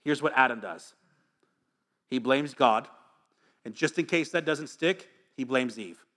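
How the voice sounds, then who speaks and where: Bright-voiced joking pastor, a man. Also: mid-range voice, unhurried. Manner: energetic, joking, reads scripture aloud. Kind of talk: sermon.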